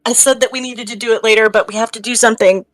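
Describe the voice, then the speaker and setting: A woman voicing a frightened female adventurer who talks through tears in halting, anxious bursts during a tabletop game. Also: on the high side, fairly even intonation, no room sound, lightly acted, rough recording. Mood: tearful, anxious. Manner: crying, halting, anxious rambling. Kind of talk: tabletop role-play in character.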